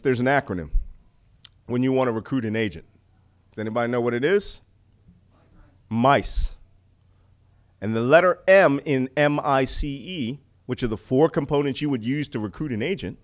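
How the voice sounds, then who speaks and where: A middle-aged man from the United States giving an animated public talk on intelligence, full of rhetorical questions and jokes. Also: mid-range voice, moderate pace, pauses often. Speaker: speaker on intelligence.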